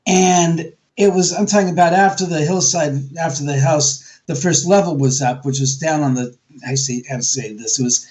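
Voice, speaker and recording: A man with a New York accent, a guest on a radio interview, telling a story in a lively, animated way and acting out other people's voices. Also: on the high side, normal speed, few pauses. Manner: animated, acts out quoted voices. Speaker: guest, homeowner and author.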